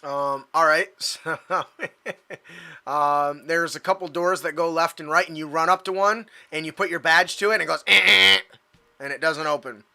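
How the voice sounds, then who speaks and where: A man runs a tabletop role-playing session, explaining the rules in a casual, halting way, with frequent fillers. His voice is very bright and clean, a bit higher than most men's, and he keeps his delivery conversational throughout. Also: steady tone. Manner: casual, halting with many ums. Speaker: game master. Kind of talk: narrating a tabletop game.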